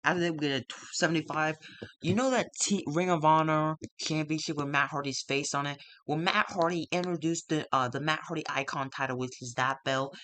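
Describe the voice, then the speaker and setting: A man's voice: on the high side, steady tone, brisk, sharp tone, slight background noise. A man casually recapping the results of his wrestling simulation game, rambling with lots of fillers and the odd swear word. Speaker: wrestling sim game player recapping a show.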